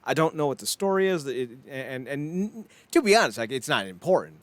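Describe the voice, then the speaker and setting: A man co-hosting a podcast, talking in a loose, rambling way with lots of laughter. His pitch swoops up and down as he tells stories. The sound is dry and close, with no room echo. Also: very animated, fairly quick. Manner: rambling, laughs often, acts out quotes in voices. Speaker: podcast co-host. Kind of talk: casual chat.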